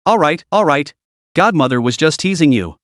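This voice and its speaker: A man's voice: on the high side, lively intonation, normal speed, dry recording, studio quality, close to an everyday voice. A man voicing a playful, teasing godmother in an audio story, with a giggly, theatrical way of talking.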